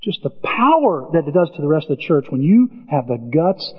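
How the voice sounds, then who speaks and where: A man preaching a sermon as a pastor, telling stories with animated delivery. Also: fairly high pitch, normal speed, slightly rough. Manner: animated storytelling, acts out biblical voices. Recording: dull, reverberant church recording.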